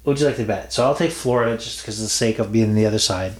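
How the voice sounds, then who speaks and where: A man's voice: on the low side, very fast, darkish tone, reverberant. A man hosting a casual sports betting podcast, playful and teasing, often repeating himself. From Toronto area, Canada. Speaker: podcast host.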